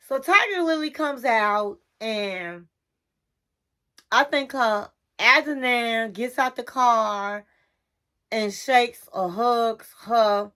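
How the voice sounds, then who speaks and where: A woman's voice: on the high side, very slow, sharp tone, clear, resonant tone. A woman hosting a casual reality TV recap, chatty and sassy, talking straight to the listener.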